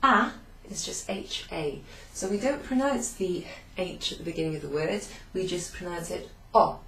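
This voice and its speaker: A woman's voice: on the low side, animated, moderate pace, creaky, a little mellow. A woman teaching a beginner language class, explaining patiently, repeating phrases and writing on a board as she goes. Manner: writes on a board while talking, turning away at times. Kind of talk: recap of a beginner Italian class. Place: classroom-like room with a whiteboard. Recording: echoey room, faint background hum.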